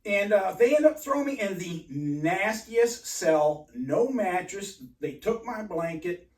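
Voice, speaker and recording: A man telling a rambling personal story in an agitated, halting way, full of restarts and swearing. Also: sits high, animated. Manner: profane. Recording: roomy and distant from mic.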